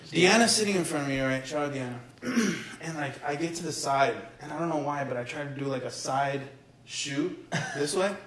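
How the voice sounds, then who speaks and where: A young man co-hosting a podcast, telling a school story in casual chat, excitable and laughing through it, with lots of filler words. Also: on the high side, moderate pace, far from the mic. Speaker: podcast co-host. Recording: roomy echo, off-mic, crowd noise behind.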